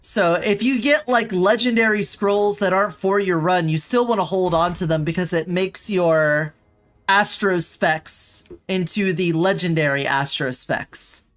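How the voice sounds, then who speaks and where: A woman's voice: fairly low pitch, unhurried, soft background music. Exasperated woman streamer pleading with a game. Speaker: VTuber streamer. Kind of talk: casual gameplay streaming chat.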